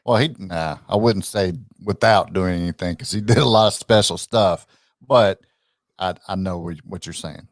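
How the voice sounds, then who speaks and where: A man's voice: low voice, normal speed, no room sound, studio quality. A man co-hosting a sports podcast, agreeable and often laughing in casual chat. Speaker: podcast co-host.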